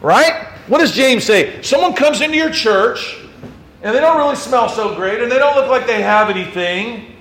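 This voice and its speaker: Guy preaching a sermon, kinda high voice, chatty, lots of questions to the room. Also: expressive, normal speed, a bit bright. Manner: conversational preaching, rhetorical questions, repeated restarts. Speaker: pastor.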